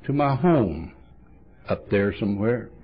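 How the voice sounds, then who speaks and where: A man's voice: on the low side, animated, unhurried, noisy background. A man giving a humorous storytelling talk as a recovery meeting speaker, blunt and wry, acting out bits of dialogue. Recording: dull lo-fi tape recording.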